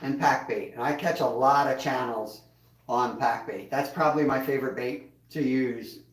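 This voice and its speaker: A man's voice: mid-range voice, normal speed, distant mic. Laid-back man on an echoey livestream. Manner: laid-back, chuckles, reads chat aloud. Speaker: livestream host. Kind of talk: casual livestream chat. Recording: echoey room, voice off-mic.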